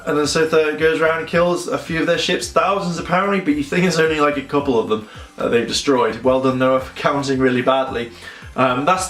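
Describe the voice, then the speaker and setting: A man's voice: on the high side, fairly bright tone. A man giving a casual, rambling and sarcastic episode review. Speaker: fan reviewer. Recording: roomy echo, faint music behind.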